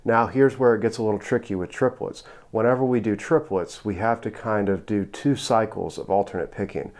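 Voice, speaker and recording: A man giving a relaxed guitar lesson, counting beats aloud and explaining picking. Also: on the low side, a little fast. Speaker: guitar teacher.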